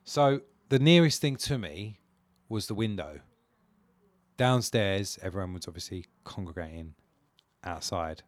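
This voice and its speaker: Male podcast co-host, lowish voice, dry close sound, self-deprecating storyteller. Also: animated, measured pace, no room sound. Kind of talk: casual chat, storytelling.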